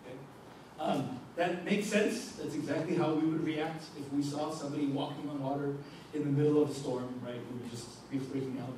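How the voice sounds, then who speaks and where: Speaking briskly in a fairly high, darkish voice with fairly even intonation, a young man leads a youth group through scripture. As a youth pastor, he reads passages and explains them casually, tossing in "okay?" and "right?" to check in. The echoey meeting room is recorded from far off, with slight background noise.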